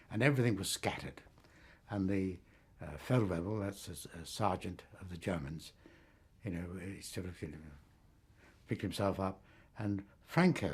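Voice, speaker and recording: A man's voice: fairly low pitch, darkish tone, breathy edge. An older man recalls his wartime escape in an oral history, rambling through the story with fillers and small chuckles. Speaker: war veteran recounting his escape.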